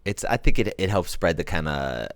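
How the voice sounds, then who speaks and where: Man, podcast host, very low voice, dry close sound, laid-back, slangy. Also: lively intonation, moderate pace, clean tone, no room sound. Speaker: podcast host and music producer. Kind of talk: casual chat.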